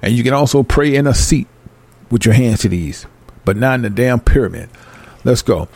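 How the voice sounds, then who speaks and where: A man's voice: mid-range voice, breathy edge, dry recording. Fervent man reading and preaching scripture. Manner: reads verses then breaks into fervent commentary; emphatic, animated, apologizes for going fast. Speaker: bible teacher. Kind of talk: excited scripture study talk.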